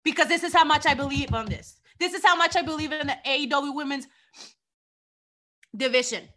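A woman's voice: high voice, brisk, bright, forceful tone. A woman from Mexico with a Mexican accent, a wrestling champion speaking with passion in an interview, often repeating herself.

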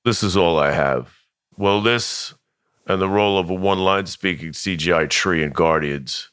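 A man's voice: low-pitched, normal speed, a bit bright, smooth, dry recording, clean studio sound. A man voicing a gloomy, self-pitying washed-up action actor who runs himself down. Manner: mopey, self-deprecating.

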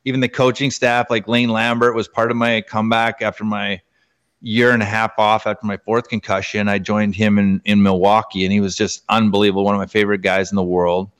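Man, former hockey player, casual guest, rambling animated storyteller, restarts a lot. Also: on the low side, fairly quick, clean tone.

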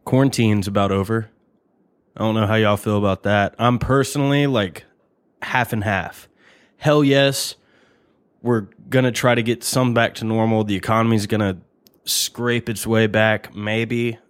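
A man's voice: fairly low pitch, steady tone, a little slow, smooth, no room sound, clean studio sound. A young man hosting a podcast, rambling and joking in a casual, profane monologue. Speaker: podcast host.

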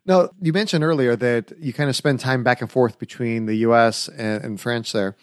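Host, American man, friendly and chatty, mid pitch, dry close-miked sound. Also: moderate pace, no room sound. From United States. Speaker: podcast host. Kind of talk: casual interview.

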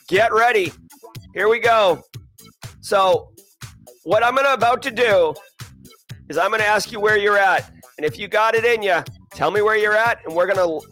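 A man hosting a daily cybersecurity news livestream, hyped and sing-song as he shouts out viewers and places. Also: high-pitched, moderate pace, pauses often, faint music behind. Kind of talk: energetic livestream chat with viewers.

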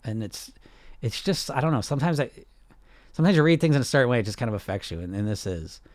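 A man's voice: medium pitch, lively intonation, fast talker, no echo. Blunt, passionate man with a dry sound. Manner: blunt and passionate, swears, many restarts. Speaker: podcast host and weight loss coach. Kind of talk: casual unscripted podcast talk.

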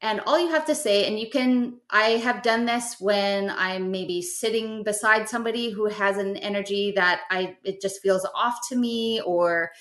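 A middle-aged woman, a podcast guest, explains a simple spiritual practice step by step in a gentle, instructive way. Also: medium pitch, normal speed, few pauses. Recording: roomy echo.

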